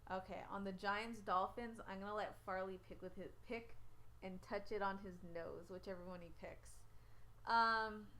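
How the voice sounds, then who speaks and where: A woman's voice: mid-range voice, steady tone, moderate pace, bright, forceful tone. A woman hosting a casual sports picks stream from home, chatting and rambling as she reads out viewers' picks into a webcam. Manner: rambling and chatty, often loses track. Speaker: host of a sports picks show. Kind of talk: casual livestream chat reading viewer comments.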